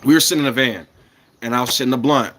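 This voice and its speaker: A man in his thirties chatting casually to his livestream audience, rambling from point to point, chuckling often and swinging between loud bursts and mumbled asides. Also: medium pitch, very fast. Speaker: livestreamer talking to chat.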